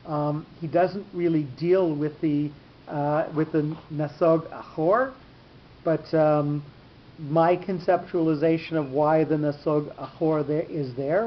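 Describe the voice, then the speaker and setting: A man teaching a class on cantillation marks. He explains patiently, rephrases often, and fills pauses with ums. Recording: dull lo-fi recording with faint rumble.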